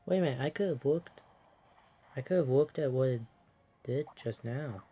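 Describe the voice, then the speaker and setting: A soft-spoken person musing aloud while playing a video game, often self-deprecating. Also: medium pitch, normal speed. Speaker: let's play host.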